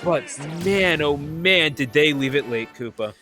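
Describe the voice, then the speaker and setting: A man commentating an online video game tournament play-by-play, excitable and joking, laughing often. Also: fairly high pitch, a little slow, faint music behind. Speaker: esports commentator.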